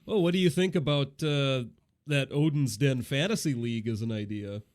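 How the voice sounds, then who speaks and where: A man co-hosting a casual podcast, easygoing and deadpan with halting restarts. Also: medium pitch. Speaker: podcast co-host.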